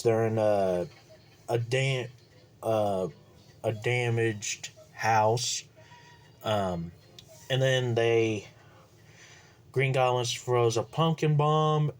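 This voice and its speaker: A man recapping a movie plot casually, rambling and halting with lots of fillers. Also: medium pitch, clear, resonant tone. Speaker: movie reviewer.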